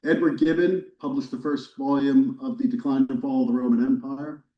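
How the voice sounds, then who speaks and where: A man, a history professor, giving a relaxed, wry lecture to a church audience, with casual fillers and restarts. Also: medium pitch, fairly quick. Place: church hall, recorded live. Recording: roomy, distant, dull lecture recording.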